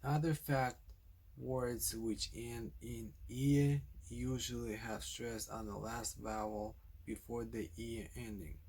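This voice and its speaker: A man narrating a scripted language lesson, speaking slowly and deliberately, carefully spelling out example words. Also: mid-range voice, a little mellow. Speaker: language teacher.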